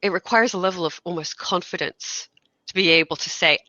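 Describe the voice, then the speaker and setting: A woman's voice: lowish voice, a little fast, bright, forceful tone, dry recording, highs cut off. A woman guest speaking frankly and with animation in a casual panel conversation, acting out quoted remarks. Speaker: guest, game course organizer.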